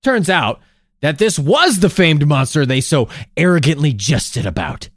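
A male podcast host telling an old tale with lots of swing in his pitch and a playful, sarcastic edge. His voice is recorded close and dry, with no room sound around it. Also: sing-song, measured pace, no room sound. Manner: jokey, sarcastic asides. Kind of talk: casual storytelling chat.

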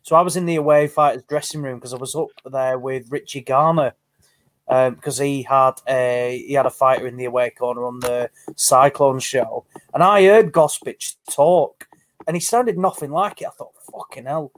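A man's voice: medium pitch, normal speed. Rambling man telling a story. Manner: rambling, amused storytelling with restarts. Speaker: podcast co-host. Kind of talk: casual boxing chat.

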